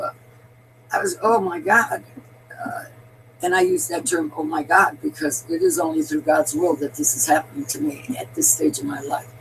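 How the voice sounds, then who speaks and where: Older woman ranting with lively pitch. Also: moderate pace, creaky, a little hiss or hum, rough recording. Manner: ranting, emphatic, rambling, addresses listeners as darlings. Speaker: political commentator. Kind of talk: rambling political monologue.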